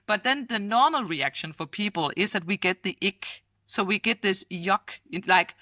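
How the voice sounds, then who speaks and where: A middle-aged woman with a Danish accent, a futurist guest in a casual interview, talking lively, laughing often and acting out quoted voices. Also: medium pitch, moderate pace, hardly any pauses, no echo, studio quality. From Denmark.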